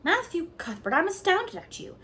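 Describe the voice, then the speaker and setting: A woman's voice: lowish voice, lively intonation, quick pace, fairly bright tone, slight background noise. A woman reading aloud voices a stern middle-aged spinster who scolds in a dry, firm way.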